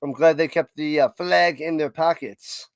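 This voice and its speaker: A man with a New York accent calls a football game play by play, then chats with his viewers in between. His voice sits a bit high and gets excitable on big plays. The sound is close and dry, with no room echo. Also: measured pace. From United States. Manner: excitable, chatty, reads live chat between plays. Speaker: livestream watch-party host doing play-by-play. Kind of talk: casual play-by-play commentary and chat.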